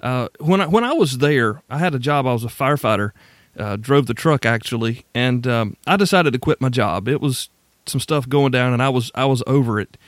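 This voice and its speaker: A man hosting a podcast, telling a story in relaxed, reflective talk. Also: medium pitch, a little fast, dry recording, clean studio sound. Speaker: podcast host. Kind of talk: casual conversation.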